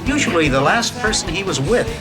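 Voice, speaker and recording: A man's voice: high-pitched, animated, fairly quick. An actor playing a self-important male radio newsman who lectures in an earnest, alarmist way. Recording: loud music under old TV audio.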